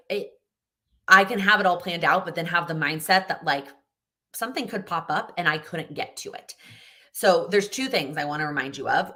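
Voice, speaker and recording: A woman's voice: fairly low pitch, pushed and bright. A young woman hosting a live Q&A, chatting casually and giving encouraging advice, often restarting her sentences. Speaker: host answering viewer questions.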